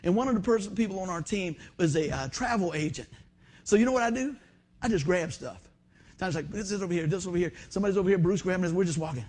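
A man's voice: high voice, expressive, fast talker, a little mellow, slightly rough. A man preaching a sermon in a folksy, storytelling way, often saying "man". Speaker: pastor.

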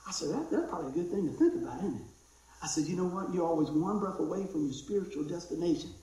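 Man, preacher, high voice, conversational sermon, excitable, hushed to shouting, very echoey room. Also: fast talker.

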